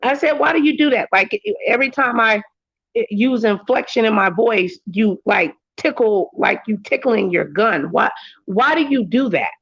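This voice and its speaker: Woman chatting on her livestream, lively. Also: normal speed, gravelly, husky, no room sound, highs cut off. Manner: animated storytelling, jumps into high voices for quotes. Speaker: livestream host. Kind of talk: casual livestream monologue.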